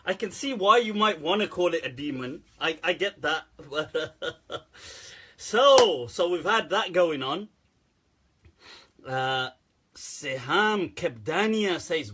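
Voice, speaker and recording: A man hosts a casual live stream, joking and teasing the viewers as he goes. His voice sits fairly high and sounds husky. He talks slowly and laughs often. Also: lively intonation, pushed and bright. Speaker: host of a live Islamic Q&A show.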